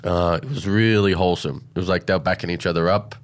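A man's voice: deep voice, fairly even intonation, quick pace. A man with an Australian accent, co-hosting a casual chat in a laid-back, joking way. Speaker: co-host.

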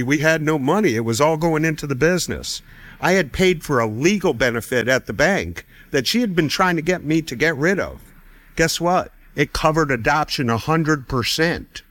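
A man's voice: mid-range voice, no echo. A man casually telling a personal faith story, acting out the people he quotes and laughing now and then. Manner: animated, acts out quoted voices, laughs often. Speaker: storyteller sharing testimony.

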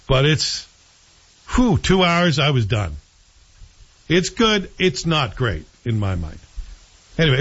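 A man's voice: mid-range voice, breathy edge, lo-fi sound. A man hosting a show, chatting casually and with strong opinions about a TV series he is watching. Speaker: show host. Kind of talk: casual TV review chat.

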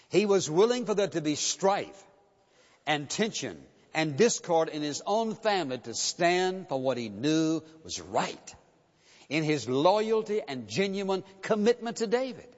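A man preaching a sermon, reading verses aloud and then turning to ask his congregation pointed questions. His voice sits a little high for a man. It comes through dull and lo-fi, with a long reverb trailing off in a big church sanctuary. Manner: expository preaching, reads scripture then challenges hearers.

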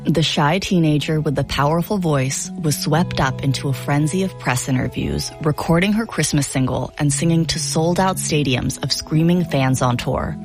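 A woman hosting a documentary podcast, narrating the story and questioning her guest in a measured way. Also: low voice, over music. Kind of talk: scripted narration and interview questions.

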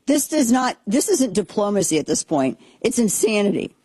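A woman's voice: mid-range voice, moderate pace, breathy edge, no room sound. Sarcastic woman hosting political commentary, dry sound. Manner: sarcastic, animated, blunt. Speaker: political talk show host. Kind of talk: opinionated commentary.

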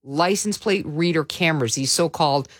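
A woman's voice: low-pitched, moderate pace, husky, no room sound. A woman with a Chicago accent hosting a radio show, chatting casually and reading out listener texts in a studio. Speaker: radio host. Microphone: studio mic.

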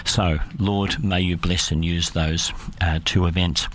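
Deep-voiced man hosting radio. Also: a bit bright. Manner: unhurried, with frequent fillers and self-corrections. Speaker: radio program host. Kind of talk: casual radio announcements.

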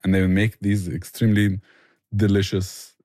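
Deep, mellow man. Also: little pitch movement, moderate pace, no echo, studio quality. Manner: earnest, enthusiastic, restarts phrases often. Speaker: barbecue restaurant owner, guest. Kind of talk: conversational interview answers.

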